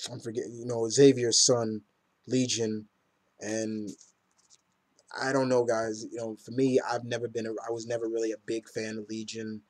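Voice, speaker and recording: A man casually reviewing comic books in a rambling, enthusiastic way with many fillers. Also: on the low side.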